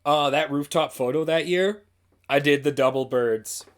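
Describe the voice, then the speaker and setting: A man's voice: fairly high pitch, normal speed. A man from Canada, a podcast co-host, telling a school story in casual chat and swearing freely.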